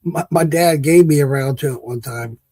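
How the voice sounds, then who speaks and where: A man's voice: fairly high pitch, moderate pace, mellow, no echo. A man hosting a casual chat, telling stories with laughs and swearing, acting out quotes. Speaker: podcast host.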